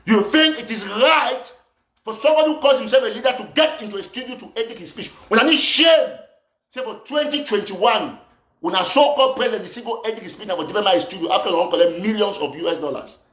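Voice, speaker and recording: A man's voice: high-pitched, animated, fast, a bit bright, echoey room. A man with a Cameroonian Pidgin English accent, an activist host ranting fiercely at his live viewers and repeating lines for emphasis. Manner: fiery and accusatory, repeats phrases for emphasis. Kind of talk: impassioned political rant to live viewers.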